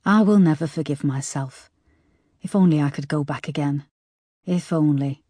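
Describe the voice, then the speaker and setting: A woman's voice: sits low, moderate pace, warm tone, no echo, studio quality. A woman voicing a young woman detective, grieving and guilt-ridden, speaking tearfully in an audiobook. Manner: tearful, self-reproaching.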